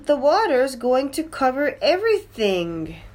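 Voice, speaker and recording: A woman's voice: sits high, sing-song, unhurried, darkish tone, pitched above the performer's own voice. A woman doing Biff, an earnest young girl. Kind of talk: children's storybook reading.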